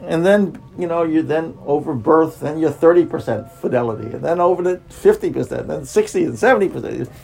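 Creaky-voiced man giving a spiritual talk. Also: fairly high pitch, a little mellow, faint music behind, rough recording. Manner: repetitive, with frequent restarts and drawn-out words. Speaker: spiritual teacher.

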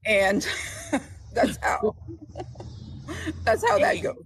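A woman's voice: sits high, huge pitch swings, extremely slow, a little hiss or hum. A woman author as a guest, chatting casually about her books and laughing often as she tells their stories. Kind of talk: casual chat.

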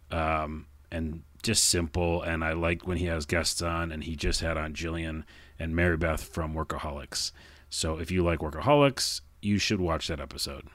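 A man with a very low voice hosts his own podcast, chatting alone. He rambles, stumbles over words and pokes fun at himself. The recording is dry and close. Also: no room sound. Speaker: podcast host. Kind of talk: casual solo podcast chat.

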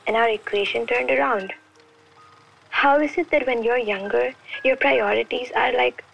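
A young woman from India, a podcast host and poet, talking candidly and reflectively about growing up, with soft music behind her. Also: a little high, vocal fry, slight background noise, rough recording. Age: young adult. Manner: candid, musing, with soft laughs. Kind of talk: reflective personal talk.

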